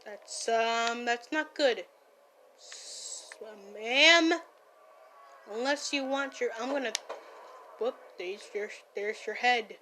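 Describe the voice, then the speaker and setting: Woman voicing a hot-tempered young gang-boss guy, slow and bright, scolds and yells. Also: fairly high pitch, slight background noise. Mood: annoyed gaming. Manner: loud, scolding, easily startled, playful yelling. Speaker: fan voice actor. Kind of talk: listener role-play while gaming.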